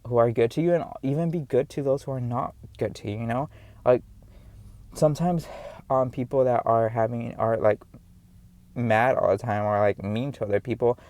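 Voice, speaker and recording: A man's voice: medium pitch, gravelly, warm tone, dry recording. A man with a noticeable accent giving an earnest, rambling talk to camera, encouraging viewers with many fillers and repeated words. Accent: noticeable non-standard accent. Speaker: vlogger. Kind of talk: casual motivational talk to camera.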